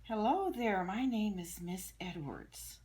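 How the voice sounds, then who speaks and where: Woman playing a patient, sing-song teacher, high and lively, storybook read-aloud. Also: slow, a little hiss or hum. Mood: cheerful. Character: cheerful, patient woman schoolteacher.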